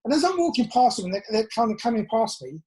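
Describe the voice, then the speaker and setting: This British former band drummer in his sixties talks very fast in a very high, husky, slightly mellow voice with big pitch swings. Appearing as an interview guest on a phone video call with poor audio, he chats and rambles, mocks himself, and acts out what he was thinking.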